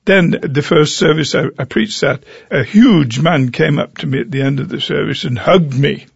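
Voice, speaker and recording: Older English man, pastor, gravelly, breathy edge, dry dull recording. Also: on the high side, normal speed, no echo. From England. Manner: animated anecdotal storyteller. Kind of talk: interview storytelling.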